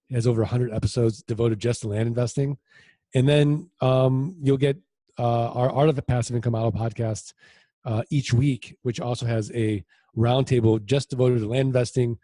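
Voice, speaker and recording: A man being interviewed as a land investor, telling stories in a casual, animated way with lots of quoted dialogue. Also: medium pitch, dry recording, clean studio sound. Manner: animated anecdotes with voiced quotes.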